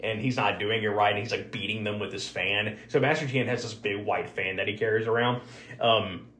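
A podcast host recaps a film casually, rambling with lots of fillers and restarts. His voice is fairly low and fairly even in intonation, brisk and a bit bright. The recording has a roomy echo.

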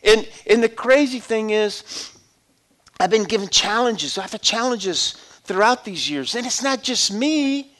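A middle-aged man with a notably high voice preaches a testimony sermon. He talks in a conversational way, rising to loud calls to the congregation and dropping to near-hushed storytelling. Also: lively intonation, unhurried.

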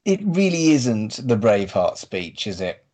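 Male podcast co-host, lower voice, enthusiastic about favorite scenes. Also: sing-song, measured pace, a little mellow. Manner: enthusiastic, gives verdicts on scenes. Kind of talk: casual chat.

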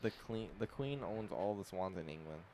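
A man's voice: low voice, expressive, normal speed, a little mellow, a little hiss or hum. A young man co-hosting a casual podcast, reading out odd facts with jokes and plenty of swearing. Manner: joking, swears a lot, reads facts aloud. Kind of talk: casual chat.

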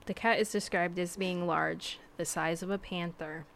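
A woman hosting a podcast, telling a spooky story in a casual, chatty way that sometimes drops to a hushed tone. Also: fairly low pitch, fairly even intonation, normal speed, creaky, hardly any pauses, slight background noise. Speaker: podcast host.

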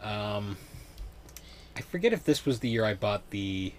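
A man's voice: on the low side, sing-song, measured pace, a little hiss or hum. A young man hosting a podcast in laid-back, rambling casual chat. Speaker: podcast host.

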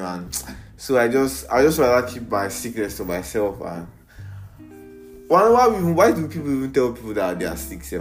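A man's voice: fairly low pitch, a little mellow. A young man with a Nigerian accent hosting a casual solo podcast, playful and rambling, mixing in pidgin slang, recorded on an iPad. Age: young adult. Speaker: podcast host.

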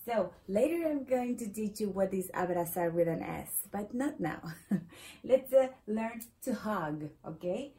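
A woman with a Latin American Spanish accent, a native Spanish speaker, patiently teaching a Spanish lesson and repeating words slowly for learners. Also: medium pitch, expressive, warm tone, rough recording. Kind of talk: explaining a language lesson.

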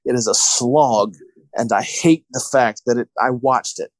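A man's voice: mid-range voice, a little slow, no echo. A man co-hosting a casual podcast, ranting in exasperation as he retells a film and mocks its scenes. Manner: exasperated, ranting retelling with mocking quoted voices. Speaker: podcast co-host.

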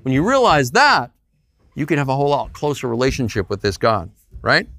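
A man's voice: mid-range voice, big pitch swings, a little fast, a bit bright, no echo. A man preaching a sermon as pastor, acting out quoted voices.

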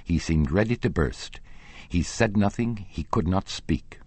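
A man reading a classic novel aloud as an audiobook narrator, expressive and lively. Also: deep voice, a little slow, slightly rough, no echo.

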